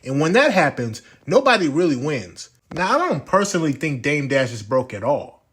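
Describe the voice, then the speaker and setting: A man hosting a commentary channel, speaking in a measured, reflective way. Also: on the high side, very animated, a bit bright, husky. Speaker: channel host. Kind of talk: commentary to camera.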